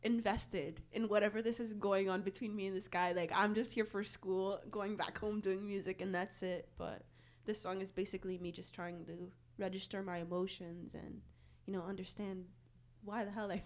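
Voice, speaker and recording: A woman's voice: medium pitch, level tone, normal speed, hardly any pauses. A young woman singer talking casually between songs, laughing and telling the story behind a song at an in-the-round show. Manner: giggly, chatty storytelling. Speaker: singer-songwriter. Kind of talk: casual stage banter.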